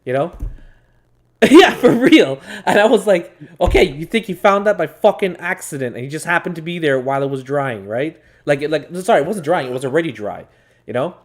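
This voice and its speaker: A man's voice: a little high, animated, brisk. Laughing, profane man ranting casually. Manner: profane, laughing, rambling storyteller. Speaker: gaming channel co-host. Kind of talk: casual chat over gameplay.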